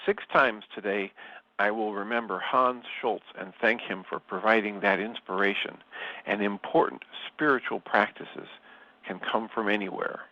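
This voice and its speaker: A man leading a spiritual study, reading passages and reflecting on them in a slow, measured and thoughtful way. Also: on the low side, steady tone. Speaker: study group leader. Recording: slightly dull, lo-fi sound.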